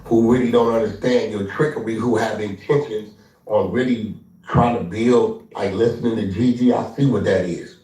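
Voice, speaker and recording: A man's voice: fairly low pitch, steady tone, moderate pace, dark tone. Taunting man ranting in a roomy room. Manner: taunting, acts out others' lines in mock voices. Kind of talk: confrontational street-slang rant. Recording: roomy distant audio with music behind.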